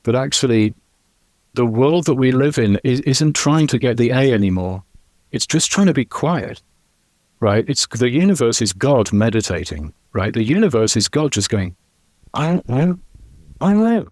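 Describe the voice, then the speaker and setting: A man's voice: mid-range voice, expressive, moderate pace, a little mellow, no echo. A man, a podcast guest, talking in a rambling, digressive way and often checking in with "right?". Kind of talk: casual podcast interview.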